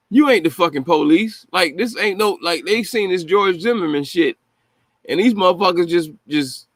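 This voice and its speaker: A man's voice: fairly high pitch, a bit bright, no room sound. Heated, swearing man reacting, dry sound. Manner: indignant, heated, swears freely. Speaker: host reacting to news clips. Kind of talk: casual profane commentary.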